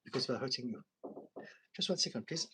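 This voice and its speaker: A man's voice: mid-range voice, animated, fast, bright, forceful tone, slight background noise, low-quality recording. A man in his forties, a therapist and coach, talking earnestly and confessionally in a live chat with viewers. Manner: earnest, confessional, self-reflective.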